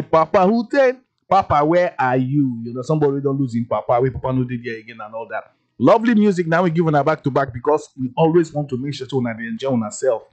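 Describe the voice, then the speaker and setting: High-voiced Nigerian radio host man. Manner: chatty, jokey, asks "you understand?" often. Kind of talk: casual radio chat in Pidgin English.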